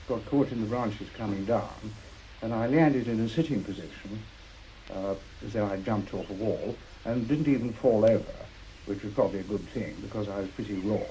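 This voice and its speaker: An older man recounting a personal memory in an understated, halting way, with frequent pauses and fillers. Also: lowish voice, mellow, slight background noise, low-quality recording. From Britain. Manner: understated, halting, with many uhs. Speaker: interviewee, war veteran. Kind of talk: personal recollection.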